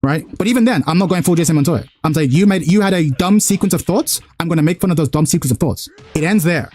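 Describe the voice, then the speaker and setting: A young man hosting a stream, talking fast and animatedly, arguing his point and acting out quotes in casual chat. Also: on the high side, lively intonation, a little mellow, slight background noise. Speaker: streamer host.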